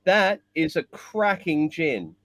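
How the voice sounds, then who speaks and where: A man's voice: a little high, big pitch swings, slow, a bit bright, dry recording. Cheerful man, dry close sound. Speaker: guest distiller. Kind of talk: casual video call chat. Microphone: video call.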